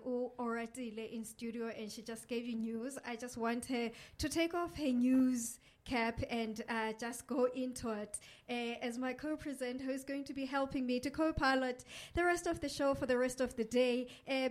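Female radio host, higher voice, energetic studio presenter. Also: normal speed, hardly any pauses. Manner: energetic, upbeat, lists off places with flair.

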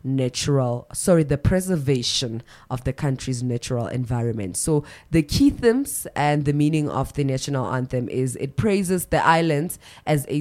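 Woman radio host, very low voice, chatty morning-show delivery with self-corrections. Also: dark tone. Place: radio studio.

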